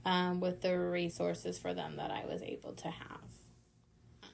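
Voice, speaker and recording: Female podcast co-host, low-ish, gravelly, halting and filler-heavy. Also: sing-song, slight background noise. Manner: hesitant, many fillers. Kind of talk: casual chat.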